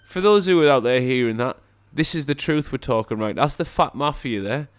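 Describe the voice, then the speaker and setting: With a mid-range voice and lively intonation, a man co-hosting a podcast chats briskly and casually. He comes across as argumentative, blunt and quick to swear.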